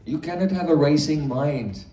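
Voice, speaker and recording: A man with a high, mellow voice teaches philosophy to a gathering, explaining each point slowly and asking the room rhetorical questions. He sits some way from the mic, and the room gives his words a roomy echo. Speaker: spiritual teacher. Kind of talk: philosophy lecture. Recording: echoey room, mic far off.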